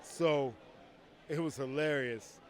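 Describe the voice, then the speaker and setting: A man telling stories in a casual interview, acting out quoted dialogue with lively voices and frequent swearing. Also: a little high, slow pace. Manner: animated, acts out quoted dialogue, swears freely. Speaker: retired fighter telling stories. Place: outdoors at a convention.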